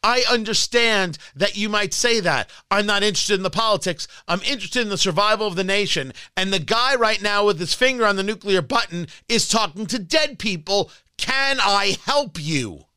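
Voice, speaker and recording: A man's voice: high voice, animated, normal speed, hardly any pauses, pushed and bright, clear, resonant tone, no echo. A man hosting a talk radio show, delivering an emphatic, combative monologue into a studio microphone.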